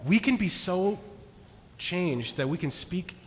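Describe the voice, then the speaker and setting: A man preaching a sermon as pastor, earnest, moving between hushed and emphatic delivery. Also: sits high, expressive, slow pace, a little hiss or hum. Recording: long reverb of a large hall.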